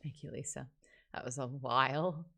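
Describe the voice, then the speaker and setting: A woman hosting a book club livestream, chatty and animated as she jumps between topics. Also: a bass voice, normal speed, creaky, a little hiss or hum. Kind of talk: casual livestream chat.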